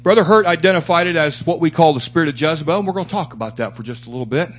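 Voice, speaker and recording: Before a small church congregation, a man preaches a fervent, repetitive sermon, building and repeating phrases as they rise for emphasis. His voice is fairly high and bright, and he talks at a racing pace.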